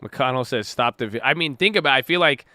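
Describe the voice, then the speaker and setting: Bright, crisp-voiced man commenting on markets. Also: medium pitch, quick pace, dry recording. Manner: excitable, jumpy, laughs when startled. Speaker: market livestreamer. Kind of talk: casual live market commentary.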